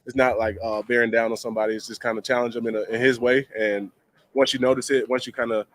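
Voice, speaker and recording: A man's voice: mid-range voice, level tone. A man, a pro football player, answering a media question in a casual, rambling way full of "like" and "kinda". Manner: quick, rambling, filler-heavy.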